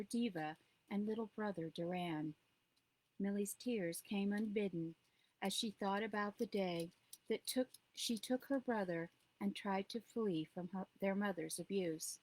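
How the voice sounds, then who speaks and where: A woman narrates her own book aloud. Her pitch sits in the middle range, and her delivery stays steady and measured. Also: poor audio. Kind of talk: audiobook reading.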